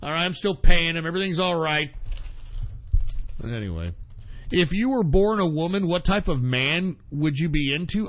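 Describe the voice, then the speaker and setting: A man hosting a casual talk radio show and answering listener questions in a profane, ranting way, with sudden shouted bursts. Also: on the high side, expressive, moderate pace, highs cut off.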